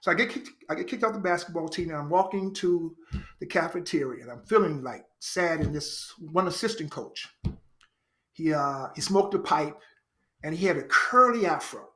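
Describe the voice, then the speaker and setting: A man from Chicago, a podcast guest, telling his life story in an earnest, animated way and repeating phrases for emphasis. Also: a little high, normal speed. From Chicago, United States. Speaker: podcast guest, actor and writer. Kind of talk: reflective personal storytelling.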